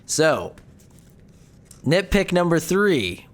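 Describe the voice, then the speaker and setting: A man's voice: a little high, big pitch swings, very slow. A man co-hosting a casual film review podcast, joking and rambling with frequent restarts. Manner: joking, rambling, self-interrupting. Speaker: podcast co-host.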